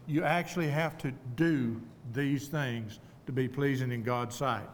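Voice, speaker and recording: A man preaching an evening sermon, earnest and humble, speaking in a measured way with deliberate pauses. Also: medium pitch, a little hiss or hum. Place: church auditorium. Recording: long reverb of a church hall.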